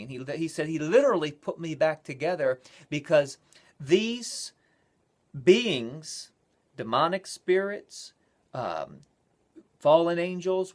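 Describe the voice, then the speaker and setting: A male pastor telling near-death testimonies in a sermon, swinging from quiet asides to loud, excited retelling. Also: a little high. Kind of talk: sermon storytelling.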